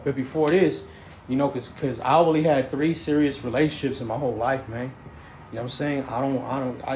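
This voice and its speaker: With a mid-range, darkish voice, a man tells a casual story that rambles along as he stammers and starts over. He says "you know what I'm saying" many times, and the recording has an echoey room and faint noise.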